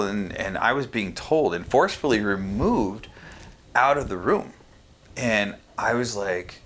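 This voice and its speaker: A young man speaking frankly and profanely on a casual podcast, halting often with fillers and restarts. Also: on the low side, expressive, a bit bright.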